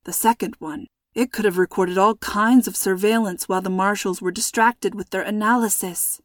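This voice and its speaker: A woman voicing a calm, protective father in a storybook reading, with a raspy, hushed and steady voice. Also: high voice, moderate pace, no echo, clean studio sound. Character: worried protective father, calm under threat.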